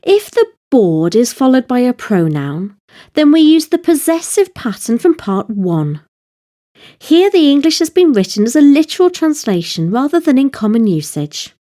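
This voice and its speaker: A woman narrating a scripted language lesson, explaining grammar slowly and carefully, step by step. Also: high-pitched, sing-song, dark tone. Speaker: Welsh language teacher.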